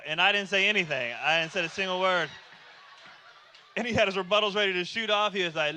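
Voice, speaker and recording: A man's voice: sits high, expressive, fast talker, pushed and bright, a little hiss or hum. A man in his thirties doing stand-up comedy, talking loosely and conversationally with lots of fillers and rhetorical questions to the audience.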